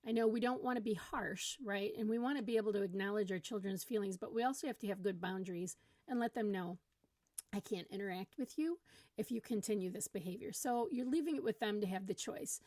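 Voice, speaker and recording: A middle-aged woman giving an earnest instructional parenting talk to camera, with animated acted-out examples. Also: mid-range voice, quick pace, hardly any pauses, no echo, clean studio sound. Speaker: parenting coach.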